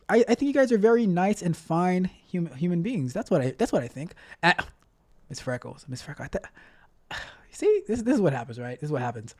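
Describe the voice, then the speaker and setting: A man's voice: high-pitched, big pitch swings, brisk, darkish tone. A man hosting a casual tech livestream, chatting with viewers in a playful, repetitive, motivational way. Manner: playful, repeats himself a lot. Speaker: tech coach livestream host.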